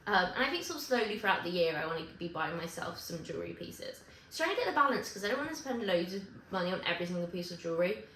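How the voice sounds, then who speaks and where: A woman vlogging to camera in casual chat, rambling and correcting herself with quick asides. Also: on the low side, very animated, fairly bright tone, a little hiss or hum. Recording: echoey room with faint ambience.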